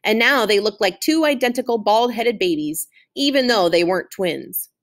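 A woman's voice: mid-range voice, lively intonation, normal speed. A woman teacher recapping and reading a chapter aloud to a class in a friendly, chatty way.

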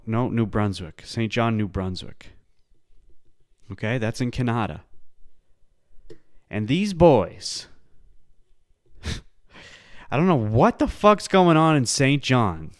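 A man hosting a podcast, casually reacting to videos in a profane, incredulous, rambling way. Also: medium pitch. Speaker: podcast host.

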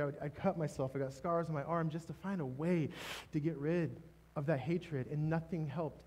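A man's voice: a little high, a little mellow. Emotional man giving a sermon testimony. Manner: emotional, halting storytelling with restarts. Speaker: pastor. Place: church stage.

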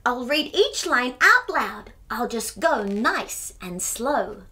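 Woman putting on a young schoolgirl, storybook character, determined, high voice, lively swings. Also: slow, exaggerated voice. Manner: earnest, determined. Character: young schoolgirl, nervous but brave.

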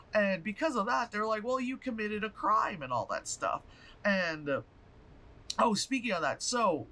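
A man reviewing a movie in a loose, rambling vlog style, swearing freely and laughing as he goes. His voice sits high and bright, bouncing around with lively pitch swings. He talks with loose, offhand energy. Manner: animated, profane, rambling with fillers and laughs.

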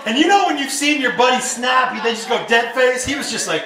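A man performing stand-up comedy, telling a story with animated energy and shouting his punchlines, recorded live in a comedy venue over audience laughter. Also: extremely high pitch, a little fast. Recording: roomy live venue, heard from a distance.

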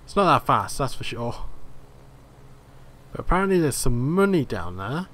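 A man's voice: mid-range voice, very animated, moderate pace, a bit bright. A man hosting a gaming video, casually commenting as he plays and thinking aloud in a rambling way. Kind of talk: let's play commentary.

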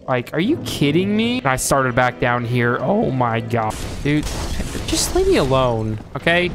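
A man giving live gameplay commentary, excitable and joking, who trash-talks enemies and yelps and shouts at the game. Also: mid-range voice, measured pace. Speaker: streamer playing a video game. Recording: noticeable background noise.

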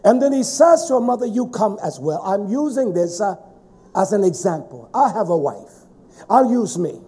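A man preaching a sermon in a fervent, emphatic way, with sudden shouted stresses. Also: high voice, big pitch swings, moderate pace, husky.

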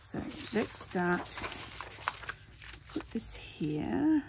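A woman hosts a craft video from her table at home, chatting to the camera in an unhurried way. She talks herself through every step with little murmured asides. A steady background noise sits clearly under the recording. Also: medium pitch. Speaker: craft channel host. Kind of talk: casual crafting chat to camera.

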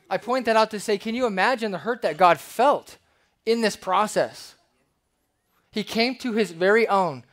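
A man's voice: sits high, normal speed. A man preaching a verse-by-verse sermon in a church, reading scripture and acting out the people in his examples. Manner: animated, acts out quoted voices. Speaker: pastor. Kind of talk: expository sermon.

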